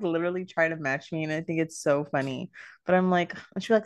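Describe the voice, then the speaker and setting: Low-pitched and quick, this young mother's voice comes across clear and resonant, with no room sound behind it. Chatting casually, she tells stories packed with fillers and acts out the back-and-forth in quoted dialogue.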